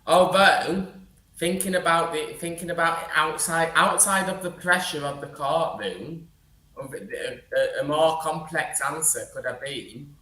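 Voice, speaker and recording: A man's voice: a little high, a little slow, bright, forceful tone. Man in an echoey room. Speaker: guest. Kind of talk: casual chat. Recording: roomy echo, faint ambience.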